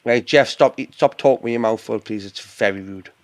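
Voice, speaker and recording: A man's voice: on the low side, normal speed, no room sound. A British man in casual live-stream banter on a video call, teasing, rambling and swearing freely. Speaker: panel guest.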